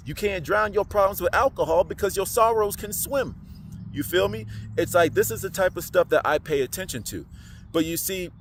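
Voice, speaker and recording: A man giving a casual, slangy spiritual monologue into his phone, animated and preachy. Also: a little high, slight background noise. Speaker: spiritual vlogger.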